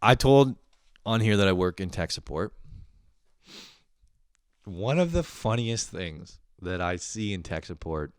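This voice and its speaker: A man's voice: low-pitched, animated, a little slow, pauses often, smooth, no echo, studio quality. A young man casually telling funny work stories on his podcast, swearing and laughing, breaking into squealing impressions. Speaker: podcast host. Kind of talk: casual solo storytelling.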